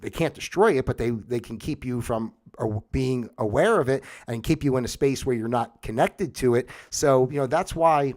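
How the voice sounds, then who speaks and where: A man's voice: medium pitch, normal speed, few pauses, a little mellow. Rambling man hosting a livestream. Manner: rambling, many fillers and restarts; mocks a newscaster in a put-on solemn voice. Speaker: livestream host. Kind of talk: casual monologue.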